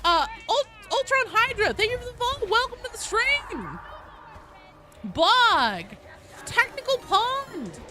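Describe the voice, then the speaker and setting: A woman putting on a high, sing-song valley girl voice to greet new viewers. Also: big pitch swings, slow, loud music behind the voice, exaggerated voice. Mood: bubbly. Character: bubbly valley girl streamer.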